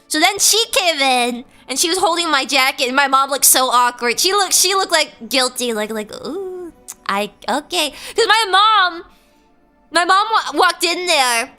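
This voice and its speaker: A woman streamer chatting through a story in a very high, bright voice. She is animated and giggly, swinging her pitch widely as she acts out quotes. Faint music sits in the background. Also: moderate pace. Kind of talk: casual storytelling.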